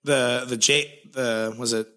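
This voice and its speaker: Male podcast co-host, bright tone, slightly hoarse, casual and wry. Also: medium pitch, fairly even intonation, slow pace. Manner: laid-back, sarcastic, swears casually. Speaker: podcast co-host recapping comics. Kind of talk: casual chat.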